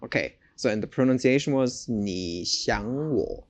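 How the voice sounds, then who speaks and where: A woman's voice: extremely low pitch, moderate pace, darkish tone, highs cut off. A woman co-hosting a language podcast as the learner, curious and careful as she repeats phrases. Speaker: learner co-host.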